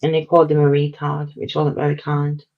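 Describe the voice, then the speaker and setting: An easygoing guest chats casually on a live stream and laughs often. The voice sits at a middle pitch. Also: monotone, brisk, muffled recording.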